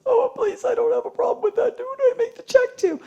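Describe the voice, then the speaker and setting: A woman's voice: very high voice, steady tone, fast talker, vocal fry, mellow, muffled recording, voice pushed up. A woman imitating a gushing, tearful female believer at a psychic show, in a squealy, breathless voice. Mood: pleading.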